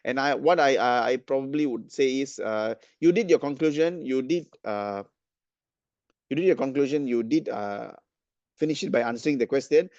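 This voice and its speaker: A man's voice: medium pitch, moderate pace, a little mellow, no echo, lo-fi sound. A man evaluating speeches at a club meeting, hesitant, with many fillers and restarts. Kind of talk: giving spoken feedback at a club meeting.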